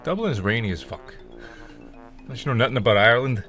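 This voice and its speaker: A man's voice: medium pitch, animated, fast, a bit bright, soft background music. A man joining a card game stream, teasing and joking bluntly.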